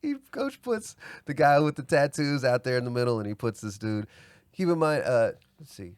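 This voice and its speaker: A man co-hosting a podcast, telling a story in casual chat and acting out yelled quotes with lots of laughter. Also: mid-range voice, sing-song, normal speed, clean tone, dry recording. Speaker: podcast co-host.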